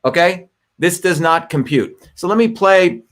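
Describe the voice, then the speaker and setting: A man's voice: high-pitched, expressive, a little slow, fairly bright tone. A middle-aged man hosting a livestream, talking the audience through a clip and checking in with "okay?". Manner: talkative, repeats "okay?" to the audience. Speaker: livestream host. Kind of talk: casual livestream commentary.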